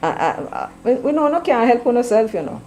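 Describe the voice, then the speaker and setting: A woman's voice: a little high, big pitch swings, fairly quick, mellow, slight background noise, poor audio. Scolding Jamaican woman commentator. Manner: scolding, full of rhetorical questions; switches between English and patois. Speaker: political commentator. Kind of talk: opinion commentary to camera.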